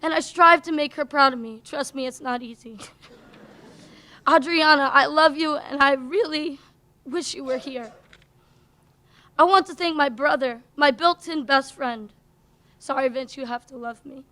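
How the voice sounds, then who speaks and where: A woman's voice: high-pitched, moderate pace, bright, forceful tone. A young woman giving a heartfelt commencement thank-you speech as a graduating student, working through a list of names. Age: young adult. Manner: heartfelt, lists names one after another. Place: college commencement stage.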